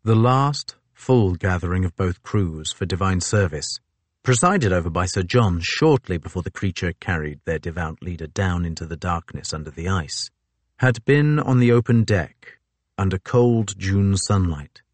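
Deep-voiced male audiobook narrator. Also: moderate pace, no echo. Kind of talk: scripted narration.

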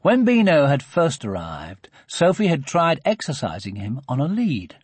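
A man narrating a children's storybook in an expressive, animated reading. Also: fairly high pitch, moderate pace, slightly rough, no room sound.

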